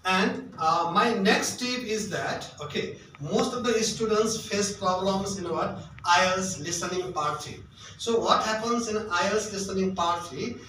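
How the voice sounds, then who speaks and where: A male English tutor with a Nepali accent and a fairly high voice, giving exam tips. He keeps posing rhetorical questions and answering them himself. His voice rings around a very echoey room, picked up by a mic some way off. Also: measured pace, pushed and bright, recorded from a distance, a little hiss or hum. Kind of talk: spoken tips lesson.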